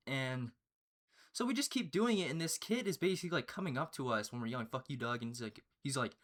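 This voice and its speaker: A young man telling a story in casual chat, excitable and profane, often breaking into laughter. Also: fairly high pitch, a little fast. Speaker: storyteller, channel host.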